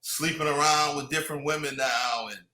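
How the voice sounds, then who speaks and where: Bright, high-ish man rambling in an echoey room. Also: fairly even intonation, fairly quick. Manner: rambling, lots of restarts and "you know". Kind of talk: casual chat.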